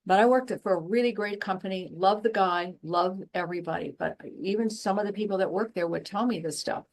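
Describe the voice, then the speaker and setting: A woman guest on an interview podcast, speaking at a middle pitch. She tells stories in a blunt, emphatic way and gets animated when she makes her points. Her talk stays conversational and passionate throughout. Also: a little fast. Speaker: guest, former professor and intuitive.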